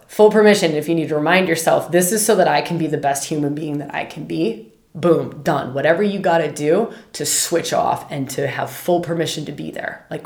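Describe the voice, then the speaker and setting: A middle-aged woman hosting a podcast, teaching meditation in a chatty, animated way and laughing often. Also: deep voice, vocal fry. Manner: animated, chatty, laughs often, scolds her puppy mid-talk. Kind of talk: casual spoken teaching. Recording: echoey room.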